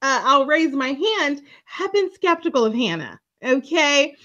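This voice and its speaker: A woman's voice: sits high, expressive, a little slow, sharp tone, muffled recording. A woman co-hosting a casual TV recap, chatty and reading out viewer comments. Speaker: show co-host.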